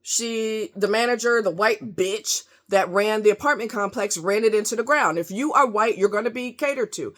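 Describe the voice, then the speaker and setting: A woman's voice: mid-range voice, normal speed, hardly any pauses, fairly bright tone. A woman ranting angrily to camera, cursing heavily with heated, emphatic delivery. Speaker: vlogger. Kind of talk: angry rant to camera.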